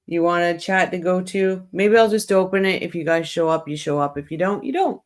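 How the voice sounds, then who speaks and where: A woman's voice: fairly low pitch, moderate pace. A woman hosting a casual livestream, rambling in a friendly way and talking straight to her viewers. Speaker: livestream host.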